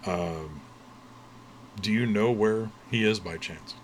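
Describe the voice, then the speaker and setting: A man's voice: lowish voice, takes it slowly, a little hiss or hum, poor audio. A man voicing a worried, polite noble uncle in a tabletop game. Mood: concerned, polite.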